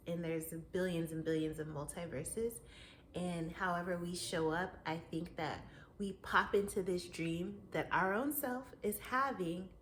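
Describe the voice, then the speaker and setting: A woman hosting her own talk show, spinning a long story in a loose, chatty monologue. She is animated, laughs often, and speaks straight to the listener. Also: fairly low pitch, slight background noise. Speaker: podcast host.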